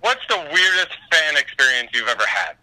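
A man's voice: a little high, sing-song, a little fast, pushed and bright, low-quality recording. A man from New York calling in to ask questions in a casual interview, friendly and laughing along. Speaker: caller asking questions.

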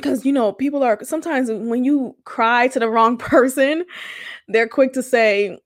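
Woman podcast host, fairly high voice, dry close-miked sound, candid and emotional in her storytelling. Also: a little slow, no room sound. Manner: candid, emotional, conversational with many fillers. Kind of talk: personal storytelling monologue.

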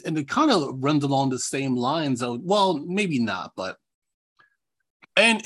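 A New York man co-hosts a podcast in casual chat, his voice fairly high and fairly bright. He rambles, leans heavily on fillers and restarts often.

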